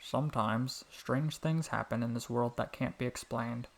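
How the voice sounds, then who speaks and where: A soft, cheerful talking frog with a gentle heart, as a man narrator puts him on, unhurried and teasing in a warm way. The voice sits at a middling pitch for a man, kind rather than deep, like a friendly storybook creature. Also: gravelly.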